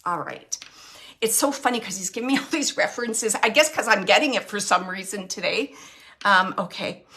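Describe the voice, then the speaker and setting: A middle-aged woman working as a medium, relaying spirit messages in a live online reading and softly repeating the phrases she hears. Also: mid-range voice.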